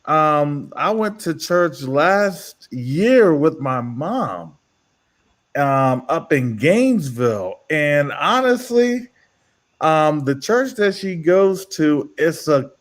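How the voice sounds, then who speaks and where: Slow-talking guy on a panel, pitch bounces around, amused. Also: sing-song. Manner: amused, laughing, unhurried. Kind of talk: casual panel chat.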